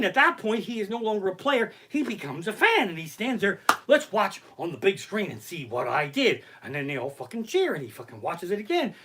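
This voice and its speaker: A comedian rants in a bright, animated voice, swearing constantly and sounding exasperated. His pitch swings widely as he builds each complaint. He streams the show live from his living room. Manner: profane, ranting, exasperated. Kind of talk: live-streamed stand-up rant.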